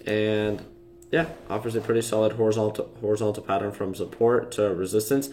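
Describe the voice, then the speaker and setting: In a fairly low, slightly mellow voice, a young man streams casual market commentary to live viewers, going over charts with a loose delivery full of fillers and restarts. A little hiss or hum sits under the recording.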